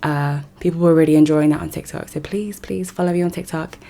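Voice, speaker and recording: A woman's voice: low voice, fairly even intonation, brisk, creaky, mellow. A young woman from South West London with a South London English accent, giving emphatic, incredulous commentary straight to her viewers. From South West London, England. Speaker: vlogger. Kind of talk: casual commentary to camera.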